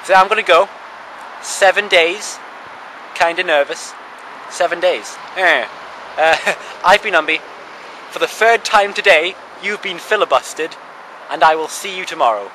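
A man's voice: fairly high pitch, moderate pace, sharp tone, low-quality recording. Wry young man vlogging on a cold street. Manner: rambling, wry, self-mocking. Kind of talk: casual chat to camera. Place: sitting outdoors on a town street at night. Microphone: handheld camera's built-in mic. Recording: street noise and passing traffic.

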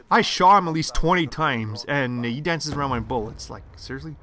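A young man commenting on his own online shooter match, muttering to himself one moment and yelling curses the next. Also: mid-range voice, expressive, normal speed, hardly any pauses, a little hiss or hum. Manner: swings from muttering to loud swearing rants. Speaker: gaming commentator. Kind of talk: live gameplay commentary.

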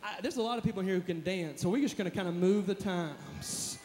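A man as a motivational speaker on stage, hyping up a live church crowd with shouted calls and responses. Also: sits high, a little fast. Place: large hall at a live event. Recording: echoey hall, live event.

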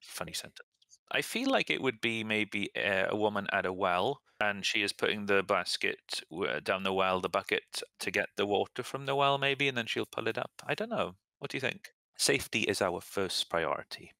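Gravelly man explaining English phrases. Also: fairly low pitch, normal speed, no room sound. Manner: relaxed, chatty, laughs at own slips. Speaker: English teacher. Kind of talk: casual explanation of example sentences.

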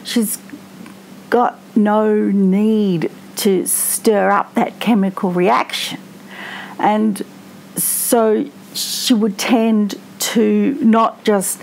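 Woman commentator, unhurried and gravelly, thinking aloud. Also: medium pitch, darkish tone, slight background noise, rough recording. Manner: slow, reflective, with frequent restarts. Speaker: true crime commentator. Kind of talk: casual commentary to camera.

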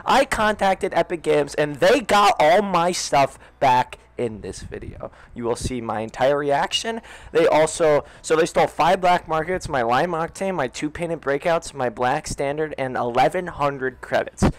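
Higher-voiced young man explaining quickly. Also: expressive, no room sound, rough recording. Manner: brisk, explaining. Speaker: video host. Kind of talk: quick vlog intro.

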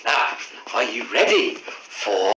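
A man's voice: on the low side, sing-song, slow pace, background noise. An actor playing a cheerful older grandfather, encouraging his dog and sounding out letters. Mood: cheery. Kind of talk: children's TV acting.

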